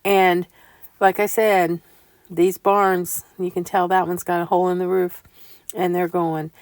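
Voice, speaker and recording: A woman's voice: lowish voice, a little slow, smooth, no room sound. Chatty older woman, homey voiceover. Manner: chatty, homey, animated when recounting. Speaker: vlogger. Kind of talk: casual voiceover storytelling. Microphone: close mic voiceover.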